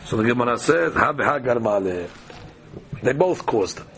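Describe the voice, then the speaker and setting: A man's voice: medium pitch, expressive, normal speed, creaky, fairly bright tone. A man teaching a daily Talmud class, reading the Aramaic text aloud and explaining it in casual, conversational English.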